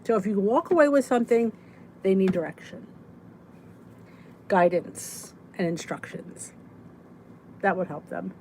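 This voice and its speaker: A middle-aged woman hosting a casual weight loss support chat, joking and yawning, with soft whispered asides, and a faint hiss under her voice. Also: medium pitch, animated, a little slow, long pauses, rough recording. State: sleepy, yawning. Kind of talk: casual live chat reading viewer comments.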